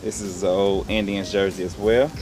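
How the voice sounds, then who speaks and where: A man's voice: lowish voice, level tone, normal speed, noisy background. A young man casually talking through his resale haul in a laid-back, rambling, slangy way. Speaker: online reseller showing his haul.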